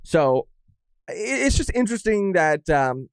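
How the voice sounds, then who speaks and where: A man's voice: a little high, sing-song, clear, resonant tone, no echo. Rambling young man, dry close sound. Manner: rambling, halting, with restarts. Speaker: podcast co-host. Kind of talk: casual chat.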